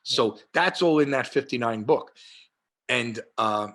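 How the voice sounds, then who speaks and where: Man, 60s, New York accent, bright tone, rambling storyteller, fillers, video call. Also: medium pitch, unhurried. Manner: rambling, many fillers and restarts, animated anecdotes. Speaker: martial arts historian guest. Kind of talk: casual storytelling interview.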